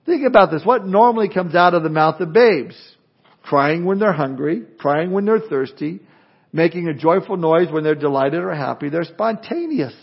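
An older man delivers a sermon with a high voice. His preaching is animated and conversational, full of restarts. The recording is dull and lo-fi. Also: moderate pace, creaky, slightly rough. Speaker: pastor.

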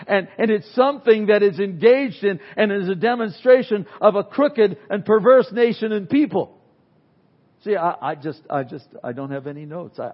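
A man preaching an unscripted sermon, swinging from loud emphasis to near-whispers and acting out complainers in quick asides. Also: sits high, lo-fi sound. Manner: animated, swings from loud to very quiet. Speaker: pastor.

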